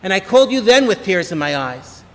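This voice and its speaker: A man, a rabbi, giving an inspirational holiday talk full of lively, humorous stories. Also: sits high, a little fast, creaky. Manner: animated, humorous storyteller. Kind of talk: motivational holiday talk with storytelling. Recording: long reverb of a hall.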